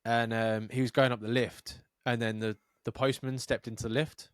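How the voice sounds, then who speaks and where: A man's voice: mid-range voice, little pitch movement, normal speed, no echo. Podcast guy, sweary and rambling, acts out people in his stories, dry close mic. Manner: sweary, rambling storytelling with acted-out quotes. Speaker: podcast co-host. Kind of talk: casual chat.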